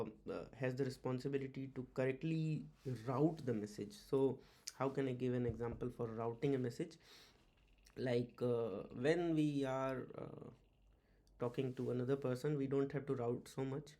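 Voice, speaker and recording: Halting man teaching tech. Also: medium pitch, warm tone. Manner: halting, many uh fillers and restarts, repeats key words. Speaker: automotive diagnostics instructor. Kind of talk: informal whiteboard lecture.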